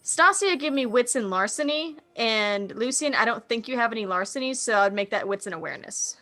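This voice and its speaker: Bright-voiced woman running the game. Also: fairly high pitch, a little fast. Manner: relaxed, swears casually while describing. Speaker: storyteller, game master. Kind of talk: narrating a tabletop game.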